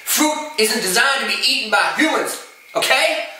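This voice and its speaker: A man's voice: very high voice, lively intonation, normal speed, pushed and bright, soft background music, full character voice. A man putting on a parody impression of a crude male Hollywood actor who rambles profanely about craving drugs. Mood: ranting. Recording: echoey room, far from the mic.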